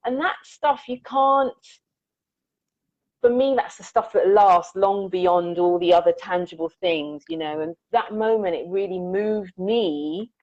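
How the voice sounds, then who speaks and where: A woman's voice: mid-range voice, measured pace, darkish tone, no echo. A woman musician being interviewed, talking earnestly and reflectively about her work and telling stories. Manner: reflective, earnest, acts out quoted lines. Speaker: musician guest. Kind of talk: conversational interview storytelling. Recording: dull, dry lo-fi audio.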